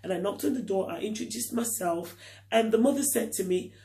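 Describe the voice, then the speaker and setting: A man's voice: high voice, a little fast, mellow. A middle-aged man giving a reflective vlog talk, earnest and full of rhetorical questions. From Nigeria. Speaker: vlogger.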